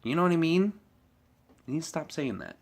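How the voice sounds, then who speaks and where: A man's voice: on the high side, very animated, brisk, gravelly, slight background noise. A man vlogging a heated, profane political rant, swearing often and laughing at his own jokes.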